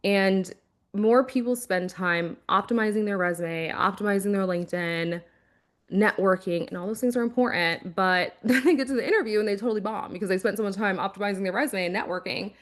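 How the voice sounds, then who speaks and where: A woman who was once a recruiter, giving casual career advice in a conversational, animated way, often acting out quotes. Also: mid-range voice. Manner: conversational, animated, quick asides and acted-out quotes. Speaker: former recruiter and career coach.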